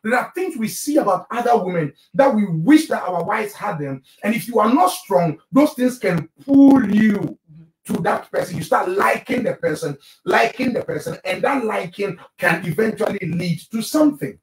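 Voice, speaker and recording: High-voiced emphatic male pastor. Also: animated, moderate pace. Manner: emphatic, preachy, addresses listeners directly. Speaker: pastor and marriage show host. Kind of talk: live broadcast marriage teaching. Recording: roomy, distant mic.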